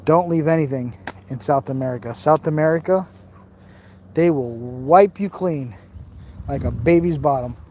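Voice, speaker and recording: A man's voice: a little high, moderate pace, pauses often, darkish tone, a little hiss or hum. Tired jokey man live-streaming outdoors. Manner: rambling, jokey, reads viewer comments aloud. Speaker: livestream host exploring outdoors. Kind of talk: casual live-stream chat. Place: outdoors on rough open ground. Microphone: phone camera held while walking.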